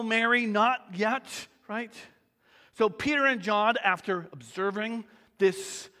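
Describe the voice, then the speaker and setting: A man preaching a sermon, slow and deliberate, sometimes dropping to near-whispers for emphasis. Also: sits high, pushed and bright, in a large hall. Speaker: pastor.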